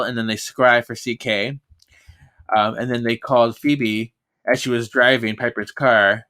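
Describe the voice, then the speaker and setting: A podcast co-host with a medium-pitched, bright, forceful voice recaps a book chapter by chapter in a casual chat. He laughs frequently as he goes.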